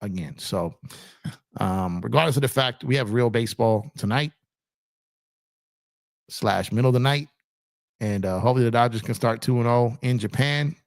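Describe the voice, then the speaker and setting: A man's voice: mid-range voice, normal speed, gravelly, pauses often, no echo, clean studio sound. A man hosting a casual sports livestream, talking in a laid-back, rambling way with lots of fillers and repeated phrases. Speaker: sports channel host.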